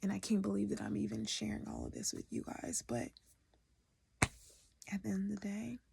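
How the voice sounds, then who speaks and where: A woman's voice: medium pitch, sing-song, normal speed, gravelly, background noise. A woman educator and artist venting in a raw, candid vlog, often dropping to a half-whisper and swearing freely.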